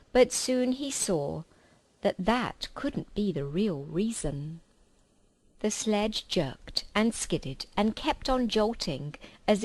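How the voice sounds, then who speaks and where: A woman reading a children's novel aloud with calm, measured storytelling. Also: mid-range voice, no room sound, low-quality recording. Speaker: reader.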